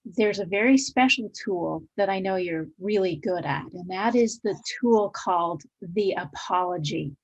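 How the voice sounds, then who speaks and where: Woman host, husky, mid-pitched, encouraging interviewer. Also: measured pace, few pauses, muffled recording. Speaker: podcast host. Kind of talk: podcast interview.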